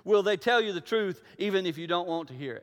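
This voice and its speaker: Pastor guy preaching, high smooth voice, goes quiet then loud, big echoey church hall. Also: expressive, brisk. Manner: storytelling, acts out dialogue, swings from hushed to loud. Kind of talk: sermon. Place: church sanctuary. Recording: reverberant hall.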